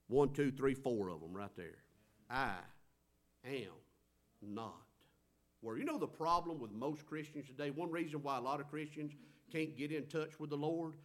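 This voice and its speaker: A man preaching a sermon, swinging between loud stressed phrases and quiet drawn-out words. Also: a little high, lively intonation.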